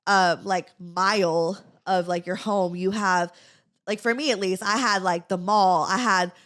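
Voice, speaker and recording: A young woman co-hosts a laid-back podcast. She talks in easy, rambling chat, leans on "like" and slips in quick laughs. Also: medium pitch, steady tone, a bit bright. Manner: chatty, lots of "like" and laughing asides. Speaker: podcast co-host. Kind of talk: casual chat, reading a listener letter aloud.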